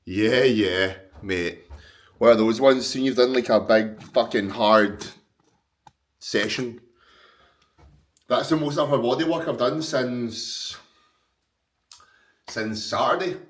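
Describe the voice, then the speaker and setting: This man talks to camera as a fitness vlogger, with a Glaswegian Scottish accent and a mid-range voice. His pace is slow, with long pauses, and he rambles casually and swears freely.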